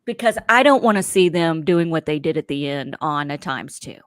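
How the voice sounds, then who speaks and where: A woman in her forties hosting a casual recap podcast, animated and quick to laugh as she spins theories aloud. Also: deep voice. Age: 40s. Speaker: podcast host.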